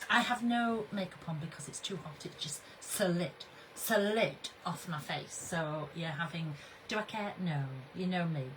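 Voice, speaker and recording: A woman's voice: fairly low pitch, unhurried, a little hiss or hum, poor audio. A woman hosting a casual livestream, chatty and bubbly, greeting her viewers by name. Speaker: craft brand owner hosting a livestream.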